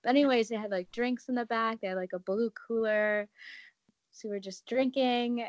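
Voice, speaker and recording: A young woman co-hosting a casual podcast, telling a story in a relaxed way with ums and restarts. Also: fairly high pitch, moderate pace, no room sound, dull audio. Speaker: podcast co-host.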